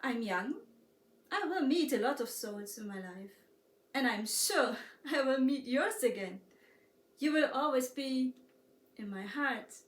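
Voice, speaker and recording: A woman acting out a kind, wise little girl with a German accent, lifted high and unhurried. She speaks softly and calmly, gently patient. The voice sits at a distance in an echoey room. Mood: gentle. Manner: soft, slow and calm. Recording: roomy echo, distant mic.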